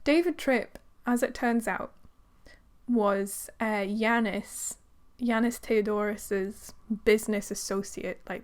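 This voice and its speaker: A young woman reviewing a book in a chatty, sarcastic way, with lots of fillers. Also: medium pitch. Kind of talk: casual book review vlog.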